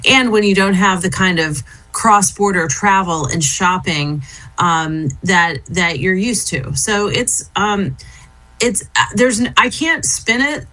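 A woman's voice: medium pitch, takes it slowly, sharp tone, low-quality recording. A middle-aged woman answering interview questions as a guest, thoughtful and conversational, with frequent fillers and restarts. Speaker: interview guest, former business council head and diplomat.

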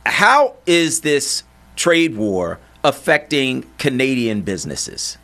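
A man's voice: mid-range voice, sing-song, takes it slowly, fairly bright tone. A man hosting an interview, asking questions in a friendly, amused way. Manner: friendly, amused, short backchannel replies. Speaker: interviewer, host.

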